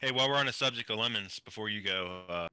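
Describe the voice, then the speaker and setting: A man's voice: on the low side, quick pace, sharp tone, slight background noise. A man in casual chat, easygoing and agreeable.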